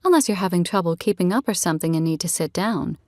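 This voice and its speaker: A woman's voice: on the low side, lively intonation, quick pace, no echo, clean studio sound. A woman reading a guarded, competitive young woman. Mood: bantering. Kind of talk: audiobook character reading.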